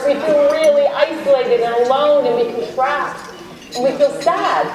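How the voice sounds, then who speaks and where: A woman's voice: high-pitched, steady tone, moderate pace, crowd noise. A middle-aged woman giving an encouraging keynote talk to a live audience in a large hall, sometimes acting out inner voices. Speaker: keynote speaker. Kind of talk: motivational keynote talk with guided exercise. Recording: very echoey hall, voice from far off.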